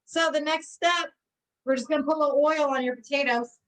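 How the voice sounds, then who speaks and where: A woman with a high, steady, slightly bright voice speaks fairly quickly while teaching a live online cooking class as a recreation therapy instructor. She's bubbly and supportive, laughing often as she explains each step, heard through a distant mic on a low-quality recording.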